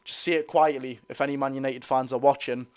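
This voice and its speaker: A man's voice: mid-range voice, steady tone, fairly quick, smooth. A young man with a Geordie accent hosting a casual live football watch-along, reading out viewer comments and chatting to his audience. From North East England. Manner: chatty, reads viewer comments aloud, calls chat lads and lasses. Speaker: football fan livestream host.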